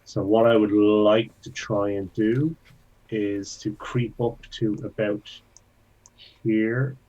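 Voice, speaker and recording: A man playing a tabletop game, speaking deliberately with some hesitation. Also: fairly low pitch, level tone, mellow. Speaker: player. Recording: dull lo-fi sound.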